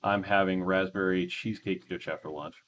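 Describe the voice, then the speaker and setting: A man's voice: low-pitched, fairly even intonation, a little fast, fairly bright tone. An American man co-hosting a casual live stream, matter-of-fact as he reads out viewer comments. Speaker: co-host of a company live stream.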